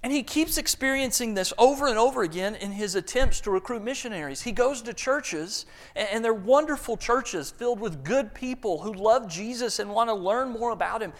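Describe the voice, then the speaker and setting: Gravelly-voiced preacher telling a story. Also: male voice, very high voice, expressive, moderate pace. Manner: earnest, storytelling with restarts. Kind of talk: sermon storytelling.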